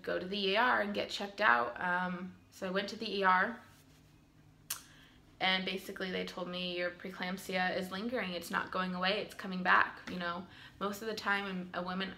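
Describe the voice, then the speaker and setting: Young mom vlogging at home, earnest and full of ums, raspy edge, a little hiss behind her. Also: fairly low pitch, bright, forceful tone. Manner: earnest, with frequent ums and retold quotes. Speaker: vlogger telling her birth story. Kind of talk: casual storytelling to camera. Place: home room.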